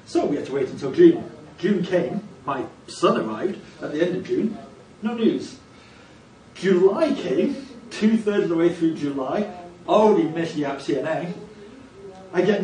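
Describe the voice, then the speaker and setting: A man giving a conference talk in a slightly higher voice, with a wry, self-deprecating sense of humour. His voice echoes around a hall, picked up from some distance away. An audience fills the room around him. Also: lively intonation, normal speed, mellow. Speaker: conference organiser and speaker.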